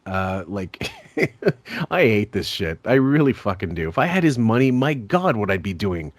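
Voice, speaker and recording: Low-voiced, profane male podcast host. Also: sing-song, unhurried, no room sound. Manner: laughs often, blunt and profane. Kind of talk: casual podcast chat.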